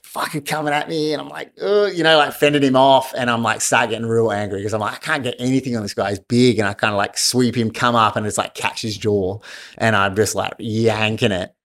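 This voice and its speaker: A man's voice: on the low side, a bit bright. A man telling a fight story in a casual chat, swearing and laughing often. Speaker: guest, martial arts fighter.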